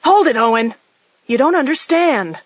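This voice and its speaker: A male narrator voicing a level-headed woman who calms an angry companion in an audiobook. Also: extremely high pitch, normal speed, no echo, pitched above the performer's own voice. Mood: urgently persuasive. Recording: dull lo-fi dry audiobook recording.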